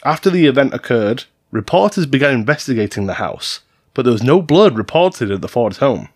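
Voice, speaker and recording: A man's voice: mid-range voice, big pitch swings, brisk, slightly rough, no room sound, clean studio sound. A man co-hosting a podcast, reading out stories in a casual, jokey way and swearing freely. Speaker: podcast co-host narrating stories.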